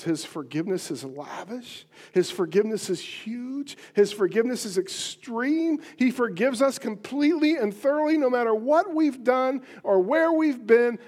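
A man's voice: high voice, darkish tone. A male preacher giving an earnest sermon on a Bible passage, stressing points by repeating phrases.

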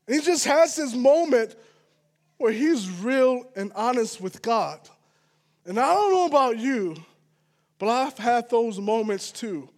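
Strikingly high-voiced, a man preaches in a relaxed, earnest way, as if chatting personally with his congregation. He frequently pauses for brief check-ins, with "all right?" asides sprinkled throughout.

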